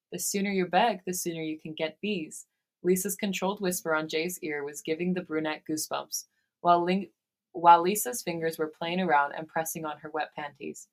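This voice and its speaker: Woman podcast host, lowish voice, reads fan fiction aloud, steady delivery. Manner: reads steadily, breaks into laughter.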